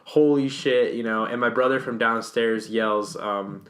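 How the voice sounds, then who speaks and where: A man's voice: fairly low pitch, fairly even intonation, unhurried, fairly bright tone. A young man casually telling a long story on a podcast, rambling and swearing, with lots of fillers and restarts. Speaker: podcast guest.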